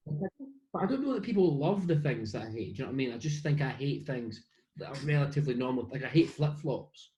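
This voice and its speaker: A man's voice: medium pitch, animated, brisk, warm tone, slight background noise, low-quality recording. A man with a Scottish accent, answering fan questions over a video call in a rambling, jokey, self-deprecating way. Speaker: interview guest. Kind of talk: rambling casual chat. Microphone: video call webcam.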